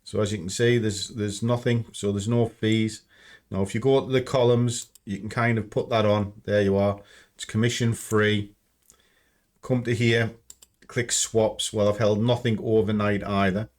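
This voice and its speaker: A man's voice: on the low side, flat delivery, normal speed, a little mellow. A man hosting a trading channel from home, walking through his screen in a chatty, blunt way and swearing freely. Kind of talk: casual screen-share walkthrough.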